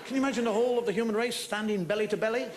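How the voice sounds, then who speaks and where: A man's voice: high voice, very fast, crowd noise, background noise. A man doing a stand-up comedy monologue in a wry storytelling way, with mock-outraged asides. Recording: live theatre recording with loud audience laughter. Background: audience laughing.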